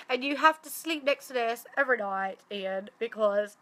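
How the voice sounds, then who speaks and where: A young woman vlogger chats casually to camera, her nose badly blocked after surgery. Her voice is fairly high, animated, unhurried, bright and forceful, and she swears freely and laughs often.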